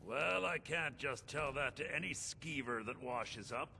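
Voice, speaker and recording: An actor playing a boastful, crafty male pirate captain in a video game, in a rough pirate brogue that slips at times. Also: mid-range voice, a little slow, sharp tone, slight background noise, heavily acted. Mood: sly. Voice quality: gravelly. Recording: game audio under background music.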